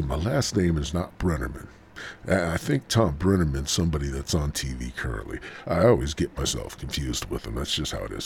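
A man's voice: extremely low pitch, gravelly, a little hiss or hum. A man hosting a comedic podcast, rambling crudely and slipping into mock ASMR whispers. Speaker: podcast host.

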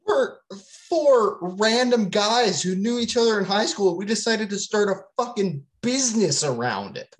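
A young man co-hosting a sports podcast, chatting casually with a wry, drawn-out delivery. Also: high voice, expressive, low-quality recording. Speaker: podcast co-host. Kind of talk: casual chat.

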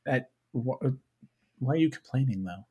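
A man's voice: mid-range voice, lively intonation, moderate pace, warm tone, breathy edge, lo-fi sound. A man co-hosting a podcast, casual with dry wisecracks. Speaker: podcast co-host. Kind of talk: casual comedic chat.

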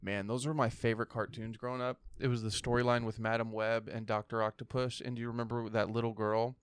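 Excitable, swearing young man chatting. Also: mid-range voice, quick pace, clean tone. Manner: excitable, swears a lot, rambling. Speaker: podcast co-host. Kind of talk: casual chat. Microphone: headphones with mic.

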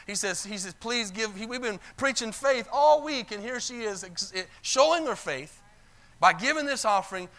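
Man, pastor, sermon storytelling, high voice, bright tone, calls for amens. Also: expressive, normal speed. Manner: retells stories in quoted voices, calls for amens. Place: church sanctuary.

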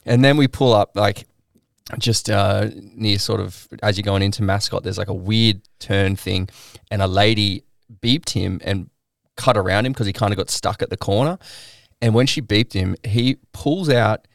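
A young Australian man with a low, gravelly voice tells a story in casual podcast chat, slipping into the voices of the people in it. The sound is dry and close, with no room around it. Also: normal speed, no echo. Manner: animated anecdote-telling, mimics people he quotes. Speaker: podcast co-host.

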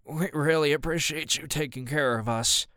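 A man's voice: on the high side, normal speed, bright, forceful tone, no echo, studio quality. A man playing a sick, laid-back dad. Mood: tired, wry. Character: sick, easygoing middle-aged father.

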